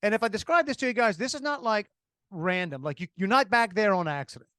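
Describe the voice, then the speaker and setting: A man with a Cajun accent tells a long story on a podcast in a fairly high voice. He talks in an animated, rambling way, full of restarts. The sound is close and dry. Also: quick pace, dry recording. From Louisiana. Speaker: podcast co-host. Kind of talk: casual storytelling.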